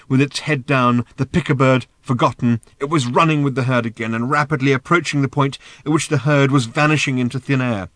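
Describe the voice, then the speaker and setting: A man narrating an audiobook in a measured, expressive reading. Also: medium pitch, no echo. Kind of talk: scripted narration.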